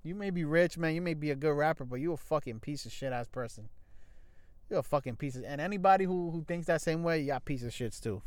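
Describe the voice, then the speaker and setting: A man's voice: on the high side, no echo. A young man in a casual sports talk show, blunt and profane, rambling with restarts and slang. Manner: frequent restarts and fillers, loose slangy grammar.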